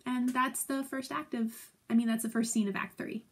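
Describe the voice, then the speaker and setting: A woman's voice: on the high side, steady tone, moderate pace, background noise. A woman teacher giving a casual recorded lesson at home, chatty and playful, acting out quotes with giggles.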